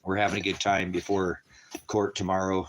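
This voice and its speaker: A man with a notably deep voice talks loosely on a livestream from home. He rambles from topic to topic, cracks crude jokes, and slips into doting baby talk with his dogs. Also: flat delivery, moderate pace, background noise. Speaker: livestream host.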